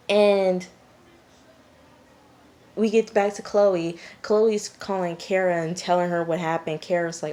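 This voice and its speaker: A woman's voice: on the low side, slow, long pauses, darkish tone. A woman vlogger casually recapping a TV episode, chatty and blunt, with lots of "like". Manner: chatty and blunt, heavy use of "like". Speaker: TV review vlogger.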